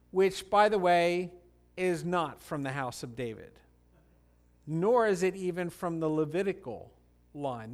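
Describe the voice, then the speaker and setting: A high-pitched man delivers a sermon at an unhurried, deliberate pace. He teaches earnestly through a scripture passage and lifts his voice when he quotes the people in the story crying out. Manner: slow, earnest Bible teaching, rising and loud when quoting cries. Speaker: pastor.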